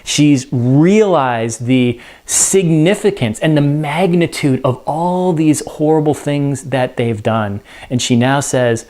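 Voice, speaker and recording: A man's voice: a little high, slow, few pauses, mellow. A man explaining a play in a casual spoken lesson, conversational and full of "you know" and restarts. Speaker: teacher.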